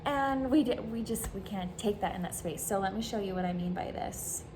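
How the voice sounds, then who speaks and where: A woman's voice: mid-range voice, normal speed. A woman hosting a podcast, talking earnestly and encouragingly as she gives advice to her listeners. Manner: warm, earnest and encouraging, acts out quoted remarks. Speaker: podcast host giving advice. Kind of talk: earnest advice talk to camera. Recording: audible steady background noise.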